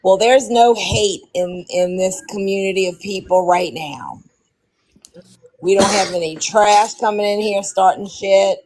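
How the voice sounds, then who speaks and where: Slow-talking New Orleans woman. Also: medium pitch, steady tone, darkish tone, rough recording. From New Orleans, Louisiana. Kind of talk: casual chat.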